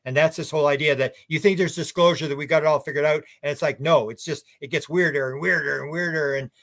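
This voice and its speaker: A man's voice: on the high side, fairly even intonation, fast talker, fairly bright tone. A man guest on a radio talk show, telling rambling anecdotes with many restarts. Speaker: UFO researcher guest. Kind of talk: casual radio interview chat.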